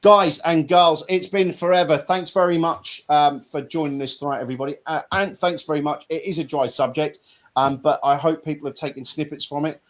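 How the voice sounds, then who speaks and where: A man's voice: fairly high pitch, fairly even intonation, fairly quick. A middle-aged man from Norfolk, England, hosting a casual live-stream chat in a blunt, chatty way with some mild swearing. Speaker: host.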